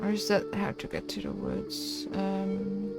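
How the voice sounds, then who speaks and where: A woman's voice: mid-range voice, wildly swooping pitch, a little slow. A woman streaming a video game live, chatting casually, laughing often and reading the dialogue aloud with some drama. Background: game music.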